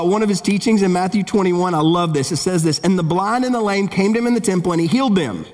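A middle-aged man preaching a sermon in a lively, conversational way, with casual asides and jokes. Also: sits high. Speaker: pastor.

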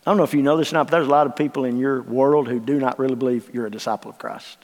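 An older man preaching a sermon in a church, swinging from hushed lines to shouts. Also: medium pitch, steady tone, racing. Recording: long reverb of a large hall.

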